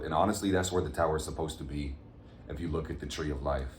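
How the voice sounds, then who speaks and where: Quick and steady, a very deep male voice runs through a relaxed tarot reading, cheering viewers on and addressing them as fam and gang. The sound is roomy, with a bit of background noise.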